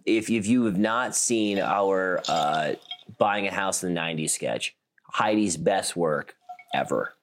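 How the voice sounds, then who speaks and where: A man's voice: deep voice, measured pace, slight background noise. A man from South Dakota co-hosting a podcast in casual chat, rambling and laughing often. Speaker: podcast co-host.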